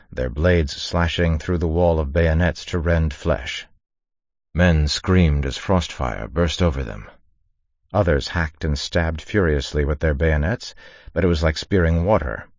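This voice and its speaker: A man with an extremely deep, low voice gives a measured, dramatic audiobook narration. The recording is dry and close, with a slightly dull, muffled top end. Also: no echo. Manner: measured dramatic reading, raises voice for shouted orders. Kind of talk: scripted narration.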